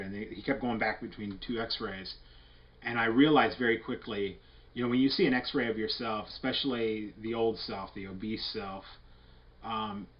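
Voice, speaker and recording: A man's voice: on the low side, dull audio. A man giving a casual, candid health update to a webcam, rambling through fillers and restarts in an earnest way. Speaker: vlogger.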